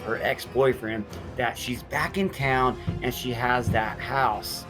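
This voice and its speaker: A man recaps a gory horror movie scene by scene in a blunt, swearing storytelling style. His voice sits in an ordinary middle pitch, and background music plays clearly behind him.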